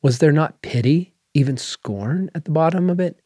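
A man reading a literary story aloud in measured, unhurried narration. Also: fairly high pitch, animated, dark tone, husky, no echo, clean studio sound. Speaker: story reader. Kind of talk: scripted narration.

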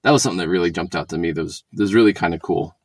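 A man's voice: deep voice, racing, no echo. A man co-hosting a casual podcast chat about church talks, wry and joking, often acting out quotes. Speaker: podcast co-host.

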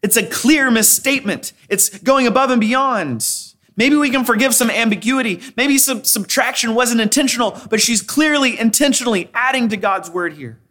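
A man's voice: very high-pitched, moderate pace, sharp tone. A male pastor preaching an expository sermon, quoting scripture and repeating phrases for emphasis. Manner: quotes scripture often, frequent restarts.

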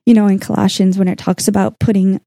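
A woman in casual faith talk, warm and dark in tone with a gravelly edge. She chats earnestly and works through her study notes. The sound is close and dry. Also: mid-range voice, flat delivery, fast talker, no room sound. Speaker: podcast co-host.

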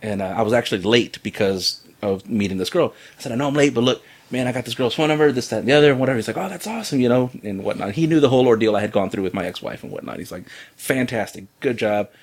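A man races through a funny personal story in casual chat, barely pausing, in a medium-pitched voice. He's animated, breaks into laughter and acts out other people's lines.

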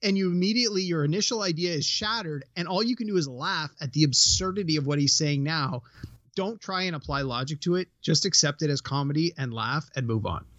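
A man's voice: on the high side, brisk, a bit bright, no echo. Man with a dry lo-fi podcast voice. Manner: thoughtful, explains at length. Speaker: podcast co-host. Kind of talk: casual film discussion. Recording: dry, dull lo-fi sound.

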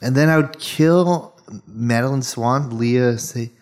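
Deadpan male podcast co-host. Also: mid-range voice, slow pace, a little hiss or hum. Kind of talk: casual comedic chat.

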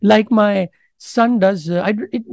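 A man's voice: sits high, a little slow, vocal fry, darkish tone, no echo. A man in his thirties with an Indian accent, chatting casually and animatedly on a podcast, laughing often and slipping into Hindi. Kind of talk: casual chat.

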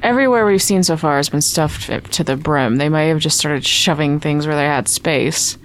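A woman's voice: sits low, moderate pace, slight background noise. A woman playing a tabletop game, thinking aloud in a thoughtful, speculative way. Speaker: player. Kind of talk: casual tabletop game chat.

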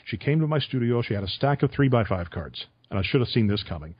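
A man's voice: medium pitch, animated, fast, slightly rough, no echo. Radio-veteran man, storytelling, dry slightly muffled recording. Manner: storytelling with chuckles. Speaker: radio interviewer. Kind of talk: conversational podcast interview.

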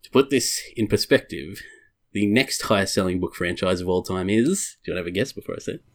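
A man's voice: deep voice, fast. A man hosting a podcast, reading a prepared segment with wry asides and casual swearing. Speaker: podcast host.

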